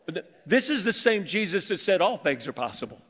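Preaching briskly in a high, bright yet husky voice, this male pastor jokes and keeps his congregation engaged. Every phrase of the sermon echoes with the long reverb of a big church hall.

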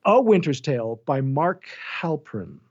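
Middle-aged guy, narrator telling stories, bouncy and self-mocking, kinda high voice, dull lo-fi sound. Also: normal speed. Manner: animated, self-deprecating, many restarts. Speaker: audiobook narrator, guest. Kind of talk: casual interview chat.

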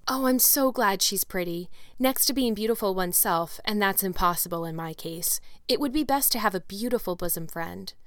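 A woman's voice: mid-range voice, animated, moderate pace, few pauses, no room sound, close to an everyday voice. A talkative young orphan girl pours out her daydreams in long, gushing run-on sentences, read by a woman. She sounds imaginative and eager, and the voice is close and dry, with nothing of the room around it. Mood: dreamy. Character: dreamy talkative orphan girl, about eleven. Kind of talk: audiobook character reading.

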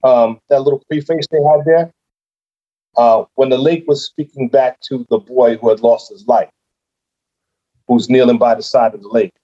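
A man's voice: medium pitch, fairly even intonation, moderate pace, dark tone, muffled recording. A man who is a guest on a podcast, telling his story casually and animatedly, acting out his own reactions.

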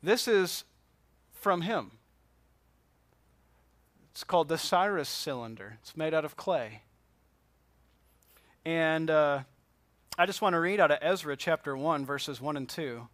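A man's voice: on the high side, expressive, a little slow, long pauses, fairly bright tone, no echo. A man teaching a Bible class from slides, talking casually and asking the class questions. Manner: conversational, asks the class questions.

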